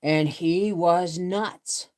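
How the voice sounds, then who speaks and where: A woman's voice: fairly low pitch, steady tone, drawn-out words, a little mellow. A middle-aged woman chatting casually on a live stream from her bed, rambling and greeting viewers by name. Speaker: homestead channel host. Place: bedroom, in bed.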